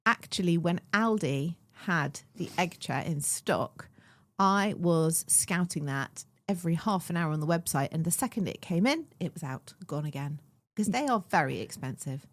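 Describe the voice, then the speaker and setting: A woman co-hosting a podcast, chatting casually and teasing her co-host with quick comebacks. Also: on the low side, lively intonation. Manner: teasing, quick reactions and backchannels. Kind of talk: casual chat.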